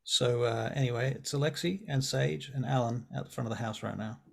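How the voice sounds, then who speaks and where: A man with a gravelly, husky voice narrates a tabletop role-play as game master. He talks in a relaxed, joking way. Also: mid-range voice, a little fast.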